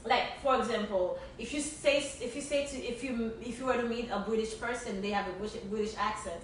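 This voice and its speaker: A woman's voice: fairly high pitch, brisk. Woman, podcast co-host, casual chat, earnest and emphatic, faint hiss behind. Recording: echoey room, distant mic, faint hiss.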